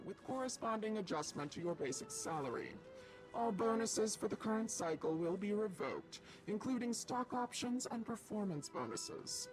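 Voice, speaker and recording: A woman's voice: lowish voice, close to an everyday voice, rough recording. An actress playing a formal female corporate official reading out a penalty in a game.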